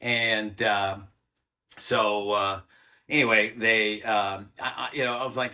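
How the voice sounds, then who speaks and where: Older man, interview guest, blunt and profane storyteller, bright forceful voice. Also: lowish voice, flat delivery, slow. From United States. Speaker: interview guest, former Army Ranger.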